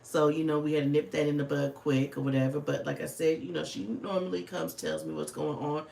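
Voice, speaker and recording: Woman in her thirties, gravelly, echoey room, chatty livestream host. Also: low voice, fairly even intonation, a little fast, dark tone. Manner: chatty, swears freely, laughs often. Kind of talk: casual livestream chat while planning.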